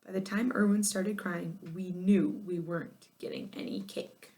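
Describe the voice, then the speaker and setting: A woman narrating a children's chapter book in an expressive, lively way. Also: lowish voice, moderate pace. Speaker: audiobook narrator. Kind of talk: children's storybook reading.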